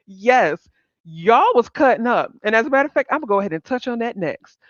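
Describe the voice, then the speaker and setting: A woman hosting a live stream, chatting casually with her audience in a blunt, profane and animated way, laughing often. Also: on the high side, moderate pace, dry recording, lo-fi sound. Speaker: livestream host.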